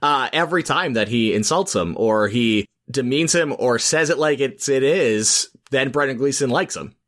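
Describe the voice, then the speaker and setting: A man's voice: mid-range voice, moderate pace, fairly bright tone. A man co-hosting a podcast in casual film chat, often laughing and adding short agreements. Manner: laughs along, brief agreeing interjections. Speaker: podcast co-host.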